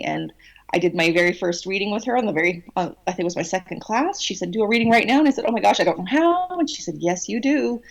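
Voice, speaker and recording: A woman telling a personal story in a podcast interview, cheeky and animated, with many restarts. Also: lowish voice. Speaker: guest channeler.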